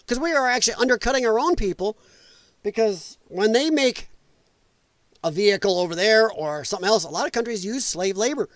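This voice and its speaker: A high-voiced male political commentary streamer rants profanely, combatively and sarcastically, mocking opponents in put-on whiny voices. He's animated and fairly quick in casual commentary, with no echo.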